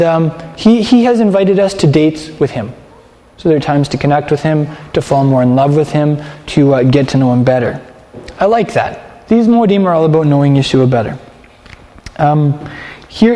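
A man's voice: a little high, warm tone, long reverb tail. A man teaching a sermon in a conversational way, often stopping and restarting his phrases. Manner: conversational, halting with repeated restarts.

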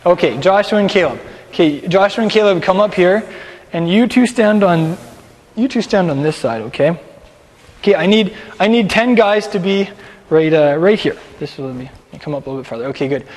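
A man with a high voice teaches a Bible lesson in a casual, lively way. He directs his class and explains scripture. The sound carries a long hall reverb. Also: normal speed. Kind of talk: sermon with a class skit.

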